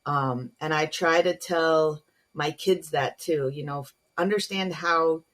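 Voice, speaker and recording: A woman's voice: low voice, unhurried, fairly bright tone. A woman, a naval officer and comedian, speaking frankly and earnestly as a podcast guest, with many um and you know asides. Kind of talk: candid podcast conversation.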